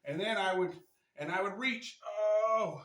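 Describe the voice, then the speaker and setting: A man's voice: high-pitched, measured pace, a bit bright. A man casually demonstrating stretches to a camera, chatty and a bit strained from the effort, tagging lines with "right?". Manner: chatty, repeats "right?" often. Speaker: martial arts instructor. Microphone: camera mic. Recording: echoey room.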